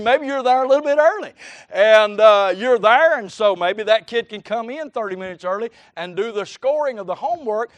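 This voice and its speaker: A man's voice: high-pitched, no room sound. A middle-aged man, a preacher leading a teachers' workshop, talking in a folksy, chatty way with colloquial grammar and storytelling asides.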